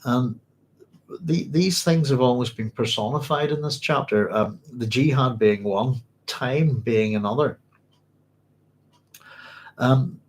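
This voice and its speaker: A man's voice: mid-range voice, slow pace, pauses often. A man hosts a live-streamed book club with a mid-range voice. He reads passages aloud, then drifts into loose, thinking-aloud commentary and replies to viewers' comments. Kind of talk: live-streamed reading and discussion.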